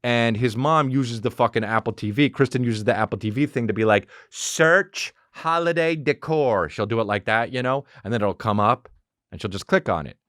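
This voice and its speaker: His delivery is brisk and the audio is studio quality with no echo. In his thirties, the solo comedy podcaster swears liberally and rants in an animated way, drifting into mocking, high-pitched character impressions.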